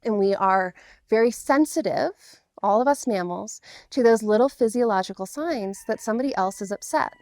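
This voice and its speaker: A woman's voice: mid-range voice, normal speed, a little mellow, dry recording, studio quality. A middle-aged woman coaching men through divorce, explaining patiently and earnestly in a direct-to-camera talk.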